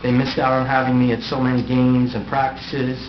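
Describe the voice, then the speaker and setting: A man's voice: medium pitch, flat delivery, brisk. A middle-aged man, an outgoing mayor, giving a prepared farewell speech from a council dais with wry, self-deprecating humor. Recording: echoey, dull, noisy room recording.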